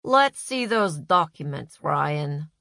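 A big, strong man with a loud, commanding way of speaking, as a woman narrator puts him on. The voice is read slow and dry, close to the mic. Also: sits low, lively intonation, gravelly, no room sound, heavily acted. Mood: firm.

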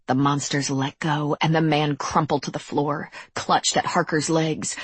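Woman, audiobook narration, measured delivery, low husky voice, dry close recording. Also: little pitch movement, no room sound. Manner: measured, deliberate storytelling.

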